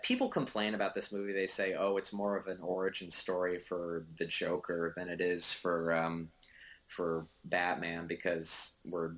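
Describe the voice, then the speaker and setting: Deep-voiced man rambling through film commentary. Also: a bit bright. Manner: rambling, with many fillers and restarts.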